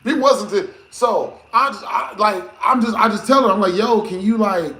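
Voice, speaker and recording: A man live-streaming, telling a rambling story to his chat in a slangy, animated way with frequent laughs. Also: sits high, moderate pace. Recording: roomy echo.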